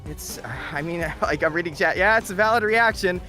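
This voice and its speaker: A man playing a tabletop game on stream, reacting excitably and stammering as he talks. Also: sits high, a little fast, faint music behind. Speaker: player. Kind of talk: casual tabletop game chat.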